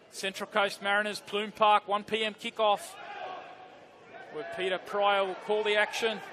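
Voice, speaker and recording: A man giving live football commentary from a stadium, rattling through fixtures and then shouting out the big moments. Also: high-pitched. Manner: fast excited play-by-play, shouting at big moments.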